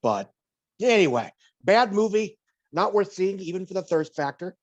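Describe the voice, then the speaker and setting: A man's voice: high-pitched, sing-song, moderate pace, muffled recording. A man co-hosting a podcast, giving a box office report in casual chat, wry and digressive, slipping dry jokes between figures.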